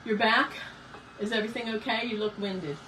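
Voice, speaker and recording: A woman's voice: a little high, steady tone, brisk, sharp tone, a little hiss or hum, low-quality recording. A middle-aged woman hosts a live craft painting demo from her home craft room. She chats with viewers by name and thinks aloud as she works. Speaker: craft host.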